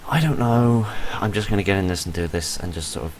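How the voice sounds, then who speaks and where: A man's voice: sits low, fast talker, a little hiss or hum. A man who says he is tired and half asleep, hosting his gaming video in a rambling, chatty commentary full of self-mocking asides. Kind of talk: casual gameplay commentary.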